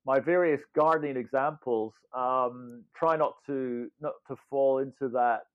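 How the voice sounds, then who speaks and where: A man's voice: mid-range voice, steady tone, measured pace, dry recording. A man in his fifties or older, an author speaking as a guest, talking thoughtfully with many hesitations and restarts. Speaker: author and legal scholar guest. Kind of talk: reflective interview conversation. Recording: dull, dry lo-fi sound.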